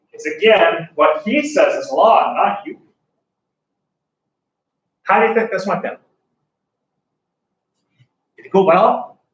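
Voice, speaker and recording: A man's voice: high-pitched, distant mic, muffled recording. A man teaching a history class in a conversational way, now and then acting out the voices of ordinary people. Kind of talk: classroom lecture. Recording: echoey room, speaker off-mic, faint room noise.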